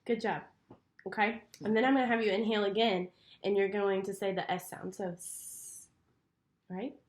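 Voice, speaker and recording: A woman's voice: mid-range voice, fairly even intonation, a little fast. A woman acting as a clinician, patiently walking someone through a speech exam step by step. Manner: encouraging, patient. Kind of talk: giving step-by-step instructions.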